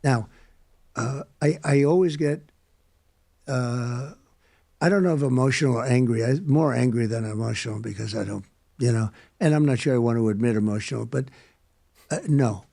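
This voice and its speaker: Gravelly older man, rambling. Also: medium pitch, normal speed, long pauses, mellow, no echo, studio quality. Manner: meandering, repetitive, self-interrupting. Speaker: podcast guest. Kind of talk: rambling interview answers.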